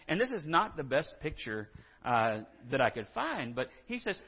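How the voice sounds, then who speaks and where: Animated preacher in an echoing hall. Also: male voice, on the high side, normal speed, breathy edge. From Texas. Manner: animated storytelling, acts out scripture figures. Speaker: pastor. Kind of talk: sermon. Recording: muffled sound in a reverberant church hall.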